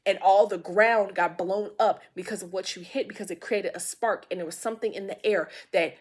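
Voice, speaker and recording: A woman giving a casual tarot reading, telling a rambling, excitable story full of fillers and lost words. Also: mid-range voice, a little fast, husky. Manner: excitable, loses words mid-sentence. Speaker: intuitive tarot reader.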